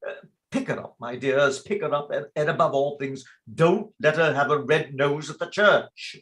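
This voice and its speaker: A man's voice: on the high side, moderate pace, a bit bright, close to an everyday voice. A man reading a blustering fussy father. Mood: fussing. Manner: blustering, fussing, mock-solemn. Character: fussy fond father of the bride, older man. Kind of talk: amateur play reading.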